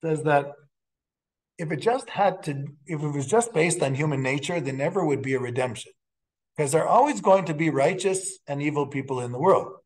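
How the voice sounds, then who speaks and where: Man, rabbi, classroom lecture, somewhat high pitch, halting restarts, storytelling. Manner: storytelling with laughs and Hebrew quotes.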